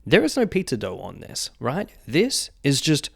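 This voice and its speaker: A man's voice: medium pitch, wildly swooping pitch, normal speed, vocal fry, fairly bright tone, slightly rough, no echo, clean studio sound. Foul-mouthed joking young man. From Australia. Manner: profane, joking rants with frequent laughs. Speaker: vlogger. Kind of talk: casual chat.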